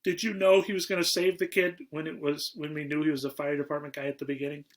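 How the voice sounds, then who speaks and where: A man co-hosting a casual podcast about movies, rambling with frequent restarts and trailing off quietly. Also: fairly high pitch, level tone, fast, a loud crowd. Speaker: podcast co-host.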